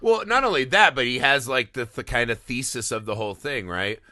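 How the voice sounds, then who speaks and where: A man co-hosting a casual podcast chat, animated and swearing freely as he acts out scenes. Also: medium pitch, a little fast. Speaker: podcast co-host.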